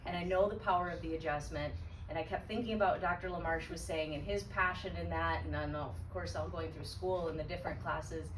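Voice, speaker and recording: A woman's voice: on the low side, a little hiss or hum. A woman in her thirties speaking as a guest at an evening event, telling a candid personal story with frequent restarts. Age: 30s. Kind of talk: personal testimony talk. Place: event room. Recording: echoey room, voice from far off, faint ambience.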